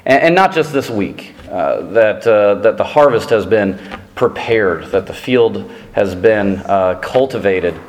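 American preacher rambling with fillers. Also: male voice, unhurried, a little hiss or hum. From United States. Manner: rambling, self-deprecating storytelling with many fillers and restarts; gets animated and high-pitched telling a funny story. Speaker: visiting preacher. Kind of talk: sermon.

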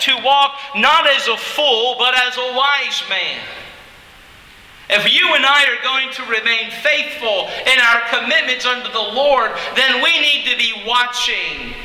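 A man pastor preaching an emphatic sermon that builds at times to shouting. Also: very high-pitched, long reverb tail, poor audio.

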